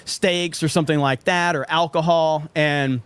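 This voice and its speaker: Animated storytelling man, dry close sound. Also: a little high, moderate pace, clean tone, dry recording. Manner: animated, acts out quotes, laughs often. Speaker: podcast guest telling stories. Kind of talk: casual storytelling chat.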